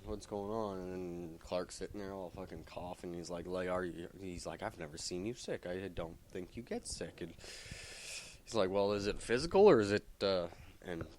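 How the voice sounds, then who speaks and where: A man's voice: fairly even intonation, moderate pace, a little hiss or hum. A man casually recapping a comic book plot, rambling and swearing heavily. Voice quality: low voice, heavy swearing, rambling.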